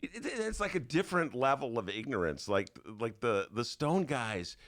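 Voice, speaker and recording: A man's voice: medium pitch, moderate pace. An older man hosting a podcast, telling stories in a casual comedic monologue and slipping into put-on voices. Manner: animated storytelling with put-on voices. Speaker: podcast host.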